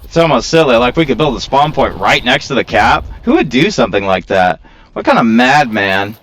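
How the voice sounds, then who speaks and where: A man's voice: medium pitch, sing-song, fairly quick, a bit bright. A man giving casual, rambling commentary while he plays, joking at his own expense and prone to complaining. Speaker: gaming video creator.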